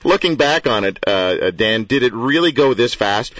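A man hosting a radio interview, putting brisk, leading questions to his guest. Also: medium pitch, expressive, a bit bright, dry recording, far from the mic, lo-fi sound. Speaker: radio host.

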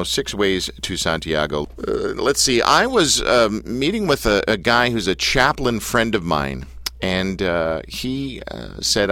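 A man's voice: deep voice, pushed and bright. A man hosting a casual interview show, telling rambling stories and teasing his guest. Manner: playful, rambling storyteller who teases his guest. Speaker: radio show host.

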